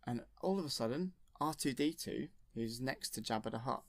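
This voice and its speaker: A man retells a film from memory in a casual, rambling way, often stopping to correct himself. His pitch sits in an ordinary middle range. The recording is dry and close, with no room sound. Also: animated, normal speed, dry recording. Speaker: storyteller.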